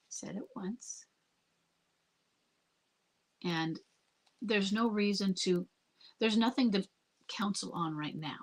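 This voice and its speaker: Husky woman giving calm marriage advice. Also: medium pitch, slow, long pauses. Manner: calm, earnest, repeats herself. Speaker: marriage coach. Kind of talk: live Q&A advice.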